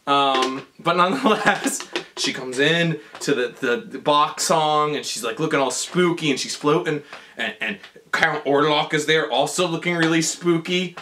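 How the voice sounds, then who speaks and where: A drunk young man tells a film's plot in a comedy bit, his voice high-set and bright. He stumbles, restarts and giggles as he goes. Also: moderate pace, a little hiss or hum. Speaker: comedy performer. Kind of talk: comedic drunk recap of a movie.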